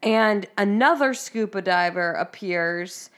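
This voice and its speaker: A woman's voice: medium pitch, slow pace. A woman co-hosting a podcast in casual chat, reacting with short interjections and adding her own comments. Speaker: podcast co-host.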